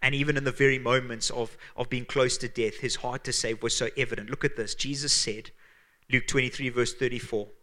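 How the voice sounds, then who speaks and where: A man with a Zimbabwean accent preaching a sermon as pastor, earnest and emphatic, dropping to hushed tones for weight. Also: medium pitch, fairly even intonation, brisk.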